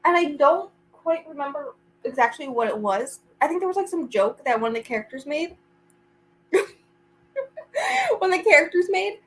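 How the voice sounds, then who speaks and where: A woman's voice: high-pitched, lively intonation, normal speed, pauses often, low-quality recording. A woman vlogger chatting casually to a friend during reading sprints, rambling and giggling often.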